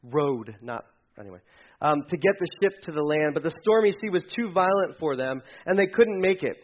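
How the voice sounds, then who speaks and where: A pastor preaching a sermon with animated storytelling, acting out the quoted lines himself. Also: male voice, on the high side, normal speed, highs cut off.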